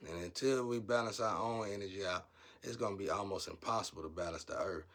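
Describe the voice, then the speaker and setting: Man, low voice, casual spiritual monologue, rambling, blunt, preachy, rises to heated outbursts. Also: quick pace, fairly bright tone.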